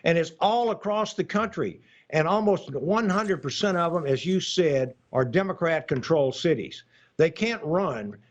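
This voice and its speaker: Man, congressman guest, emphatic, filler-heavy, somewhat high pitch, muffled lo-fi audio. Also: animated, moderate pace. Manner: emphatic, hesitant with many fillers. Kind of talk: live TV news interview.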